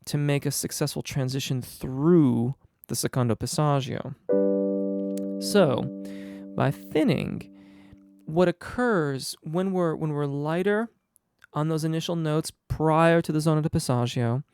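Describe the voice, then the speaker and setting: A male singing teacher answering viewer questions live, a bit under the weather, explaining in a relaxed way with frequent ums and restarts. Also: fairly high pitch, measured pace, soft background music. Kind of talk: live Q&A on voice technique.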